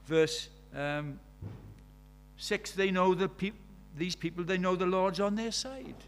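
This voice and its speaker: A man's voice: sits high, slow pace, smooth. An older man, preaching a sermon in a conversational way, full of rhetorical questions.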